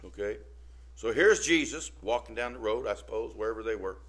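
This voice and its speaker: A man preaching a casual, down-to-earth sermon. His voice is bright and forceful, and he keeps pausing to check in with his listeners. He talks his way through the text rather than reading a script. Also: lowish voice, animated. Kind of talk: informal sermon.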